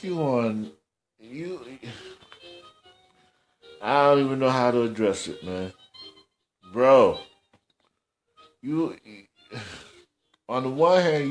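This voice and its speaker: A man's voice: medium pitch, takes it slowly, long pauses, soft background music. A man hosting a casual commentary podcast, scolding in slangy, repetitive talk. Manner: scolding, slangy, repeats himself. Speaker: host.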